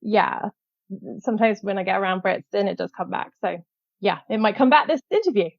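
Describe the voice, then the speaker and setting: A woman's voice: mid-range voice, animated, brisk, creaky. A friendly, easygoing woman with an American accent speaks as a podcast guest. Her voice comes through a dull, muffled line with a dry sound and no room echo, and she laughs lightly now and then. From United Kingdom. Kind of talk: casual podcast interview.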